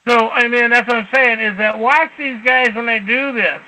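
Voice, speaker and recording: A male talk-show host with a high, very bright voice. He talks bluntly and swears freely, and he throws himself into his stories with lively energy. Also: normal speed, rough recording. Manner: blunt, profane, animated storytelling. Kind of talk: call-in talk show chat.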